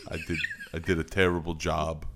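Man doing an impression of a whiny, self-important senator: very low, deadly earnest. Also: flat delivery, a little fast, noisy background. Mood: self-pitying. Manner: earnest mock-serious delivery. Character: pompous, self-pitying older male senator. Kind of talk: comedic impression.

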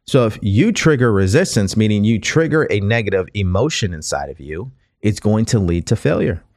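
A man's voice: lowish voice, very animated, moderate pace, darkish tone. A man hosting a podcast, giving a conversational motivational talk as a coach, earnest and repeating phrases as he goes. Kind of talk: motivational monologue.

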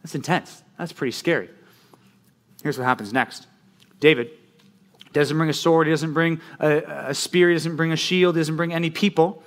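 A man preaching a sermon as pastor, animated and conversational, often checking in with "right?". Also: on the high side, moderate pace.

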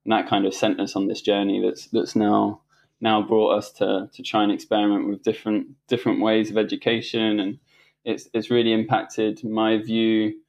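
Heard through lo-fi sound, a middle-aged man's voice sits on the low side and is a little mellow. He's a guest on a talk show, rambling through a personal story with many restarts and fillers and laughing as he tells it.

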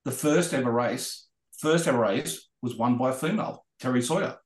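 A man's voice: mid-range voice, moderate pace, echoey room. Rambling Australian man telling racing stories. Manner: rambling, animated anecdotes with restarts. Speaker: guest racing driver. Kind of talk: storytelling in a podcast interview.

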